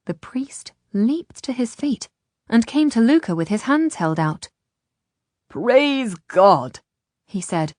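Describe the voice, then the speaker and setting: A woman narrating an audiobook in a measured, unhurried reading, voicing the characters' dialogue. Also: a little high, lively intonation, darkish tone, dry recording, clean studio sound.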